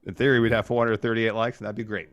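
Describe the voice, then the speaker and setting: A man's voice: on the low side, fast talker, dry recording, muffled recording. A man co-hosting a podcast, recapping a wrestling show in casual chat. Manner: relaxed, recapping and reading out promos. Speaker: podcast co-host.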